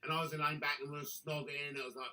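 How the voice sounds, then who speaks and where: A man hosting a live stream, telling a crude story with constant swearing and lively storytelling. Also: fairly high pitch, rapid-fire, crowd noise, rough recording. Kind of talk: crude anecdote on a live call.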